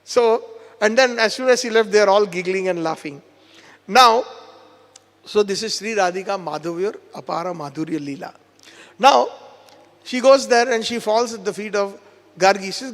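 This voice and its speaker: A man's voice: high-pitched, moderate pace, pauses often, big-room sound. A man giving a devotional lecture who retells a scripture story and quotes each character in turn. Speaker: spiritual teacher giving a seminar. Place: temple lecture hall.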